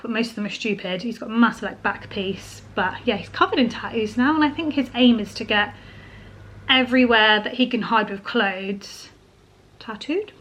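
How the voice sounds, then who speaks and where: Young woman, from England, casual vlog chat, chatty, teary, laughs a lot, slightly high voice. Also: a bit bright. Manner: chatty, emotional, laughs often. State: teary, crying at times. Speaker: vlogger, homemaker.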